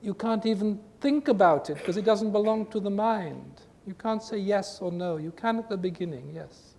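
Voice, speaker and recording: A man giving an earnest spiritual talk to a group, with emphatic, repetitive phrasing, recorded in a reverberant hall with a faint rumble. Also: normal speed, vocal fry, a little mellow. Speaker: spiritual teacher.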